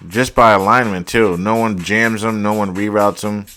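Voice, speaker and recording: A young man hosting a casual football highlights reaction, exasperated and profane, saying "like" constantly. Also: fairly even intonation, moderate pace, a bit bright, clear, resonant tone. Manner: exasperated, profane, heavy use of "like". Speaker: host.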